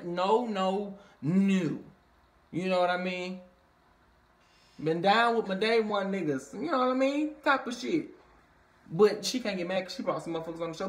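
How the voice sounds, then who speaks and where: This profane, casual recap vlog covers a reality show episode with plenty of energy. The speaker swears all the time, relies on the filler "you know what I mean," and occasionally jumps into shrill, squealing impressions of the people on the show.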